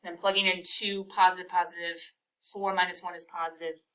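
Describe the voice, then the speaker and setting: Woman math teacher in class, bright voice, kinda far from the mic, keeps quizzing the kids. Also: fairly low pitch. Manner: energetic, quizzes the class with quick questions. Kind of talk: classroom calculus lesson.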